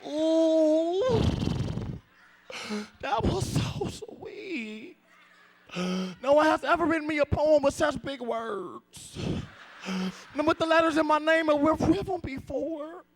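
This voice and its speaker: A man's voice: very high-pitched, steady tone, voice pushed up. Young man playing a sassy bossy girlfriend. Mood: delighted. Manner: brisk and bossy.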